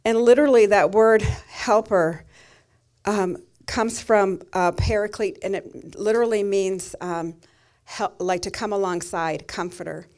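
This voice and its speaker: A woman's voice: medium pitch, a little slow, a little mellow. A middle-aged woman pastor giving a sermon, telling a personal story in a tender, emotional way.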